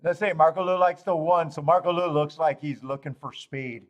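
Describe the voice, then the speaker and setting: A man's voice on the high side, at a moderate pace and with dull audio, hosts a live horse racing betting stream. He chats casually with viewers, swears freely, and often laughs at himself.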